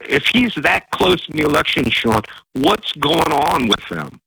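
Bright, raspy caller man from Virginia. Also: fairly high pitch, sing-song, measured pace, no echo, low-quality recording. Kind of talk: call-in chat.

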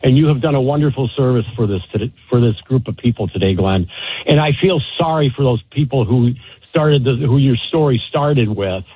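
A man's voice: mid-range voice, lively intonation, brisk, a little hiss or hum. A middle-aged man calling a radio talk show, speaking gratefully and earnestly. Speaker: caller. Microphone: telephone. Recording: tinny phone line.

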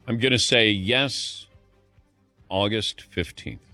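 Middle-aged male radio host, low-set but bright, crisp dry studio sound; easygoing banter. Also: takes it slowly, no room sound, faint music behind. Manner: chatty, laughs easily, calls on co-hosts by name. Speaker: sports talk show host.

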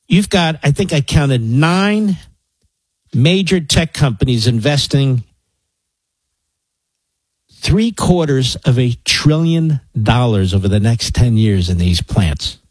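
A man's voice: animated, takes it slowly, pauses often, husky, no echo, rough recording. A man hosting a talk radio call-in show, emphatic and opinionated as he takes callers. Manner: emphatic, opinionated, rising and falling pitch. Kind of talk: talk radio, taking calls.

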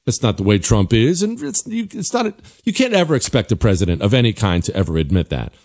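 A male talk show host reads his own commentary, pushing each point hard and scornfully. His voice sits a little low, and his delivery stays combative throughout. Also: sing-song, fast talker, darkish tone. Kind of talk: political commentary monologue.

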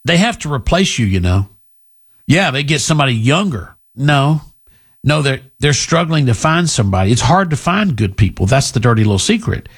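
A man's voice: medium pitch, big pitch swings, normal speed, husky. A middle-aged man hosting a talk radio show, delivering a blunt, combative, opinionated monologue.

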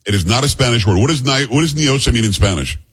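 A man hosting a talk radio show, bantering and telling stories in an animated, joking way. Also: mid-range voice, breathy edge. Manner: animated, joking, quick-fire storytelling.

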